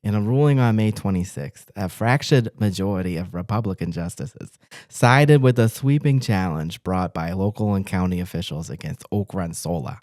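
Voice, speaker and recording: A man reading the news in a put-on Boston accent, a playful mock news reading in a low, dry voice. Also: normal speed, darkish tone, dry recording, close to an everyday voice.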